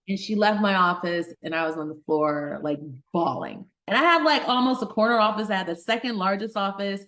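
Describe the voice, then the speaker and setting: A middle-aged woman physician from Detroit telling a personal story in an interview, animated, acting out the voices of people she quotes. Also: fairly low pitch, a little fast, hardly any pauses. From Detroit, Michigan. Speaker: guest, physician.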